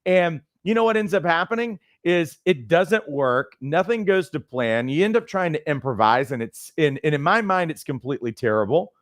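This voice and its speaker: A middle-aged man and life coach trainer who teaches through animated, conversational personal stories. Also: fairly high pitch, moderate pace, hardly any pauses, dry recording, studio quality. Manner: conversational, lots of fillers and restarts, animated storytelling.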